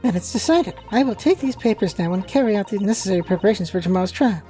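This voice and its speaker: Woman voicing an earnest young male law student, determined, warm mellow voice. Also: mid-range voice, animated, quick pace, faint music behind, close to an everyday voice. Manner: earnest, reassuring.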